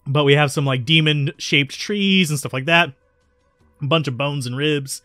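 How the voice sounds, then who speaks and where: Casual let's play host, chatty, dry close mic, faint game music under. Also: male voice, a little high, normal speed, pushed and bright, dry recording. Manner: chatty, self-correcting. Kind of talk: casual gameplay commentary.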